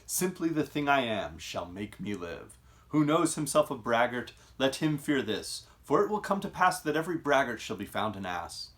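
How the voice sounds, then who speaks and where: A man's voice: mid-range voice, big pitch swings, normal speed, fairly bright tone. A man reading the part of a boastful, cowardly male soldier who vows to live on in shame, declaiming the verse. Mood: defiant. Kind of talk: dramatic reading of a play.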